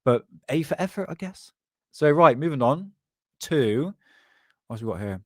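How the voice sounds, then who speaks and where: A man's voice: a little high, lively intonation, measured pace, a little mellow, no room sound, studio quality. A man hosting a live stream from his desk, casually chatting, joking, rambling and laughing often.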